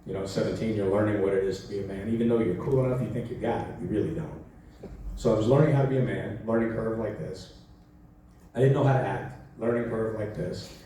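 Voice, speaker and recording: Speaking in a lowish voice at a rapid-fire clip, a forties-aged actor takes fan questions as a guest on a convention panel. His storytelling answers are animated, full of acted-out quotes and frequent laughter. Recorded from afar in a big convention hall, the audio is echoey with faint noise.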